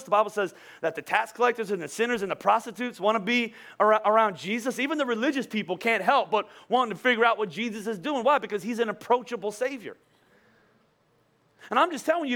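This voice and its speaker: A man with a notably high-pitched voice delivers a relaxed, conversational sermon. He jokes and laughs as he goes, often doubling back on his words before pressing on. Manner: chatty, joking, with frequent laughs and repeated words. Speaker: pastor.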